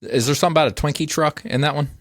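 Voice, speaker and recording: A man's voice: a little high, racing, fairly bright tone, no echo, clean studio sound. A young man co-hosting a podcast, laid-back in casual chat and guessing quiz answers in short replies. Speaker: podcast co-host.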